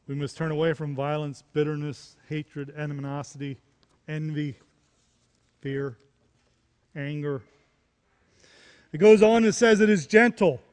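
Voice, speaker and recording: High-voiced preaching man, echoing hall. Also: measured pace, pauses often. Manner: repeats key phrases, rising to emphatic questions. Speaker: pastor. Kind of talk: sermon.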